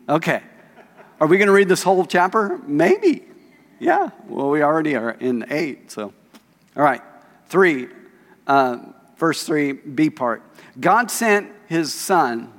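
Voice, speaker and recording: A pastor with a fairly high-pitched voice preaches a sermon in a church sanctuary, where the hall's long reverb fills the recording. He speaks conversationally, reading scripture aloud and asking the congregation questions.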